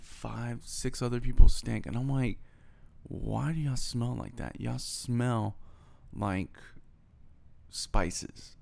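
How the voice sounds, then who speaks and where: Young guy from houston rambling thru a story, swears a lot, lowish gravelly voice. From Houston, Texas. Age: young adult. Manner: rambling, profane, animated retelling with quoted dialogue. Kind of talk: casual storytelling monologue.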